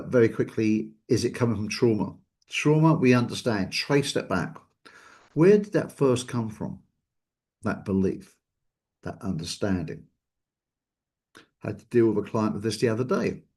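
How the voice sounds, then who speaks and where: A man's voice: lowish voice, a little mellow, breathy edge. A man hosting a casual talk show, asking reflective questions and thinking aloud. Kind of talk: casual discussion.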